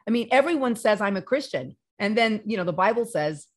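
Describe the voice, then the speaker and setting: A woman pastor talking as a podcast guest, lively and full of restarts as she tells stories. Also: mid-range voice, a little fast. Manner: animated storyteller, many restarts and quoted dialogue. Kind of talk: casual chat. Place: Los Angeles.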